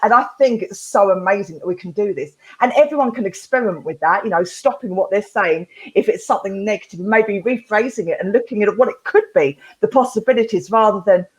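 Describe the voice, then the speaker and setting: A woman's voice: medium pitch, a little fast, few pauses, low-quality recording. A woman hosting a live therapy talk, rambling casually through a story and laughing often. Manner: chatty, laughs often, animated.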